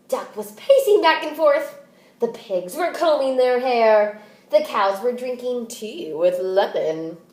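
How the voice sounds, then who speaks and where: A woman teacher reading a picture book aloud and explaining it, in a deliberate, expressive manner. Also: fairly high pitch, reverberant.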